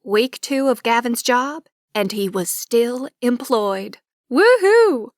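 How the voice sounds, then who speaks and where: Woman reading a romcom audiobook, wry and lively, slightly high voice, dry close mic. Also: slow, no room sound. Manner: wry, lively storytelling with character dialogue. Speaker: audiobook narrator. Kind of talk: scripted first-person narration.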